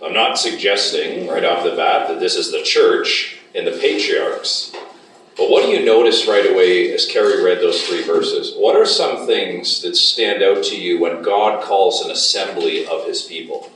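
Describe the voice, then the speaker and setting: Speaking unhurriedly in a deep, slightly bright voice, a man teaches a Bible class lecture-style, often asking the class questions. There's a little hiss or hum, and the sound is distant and echoey.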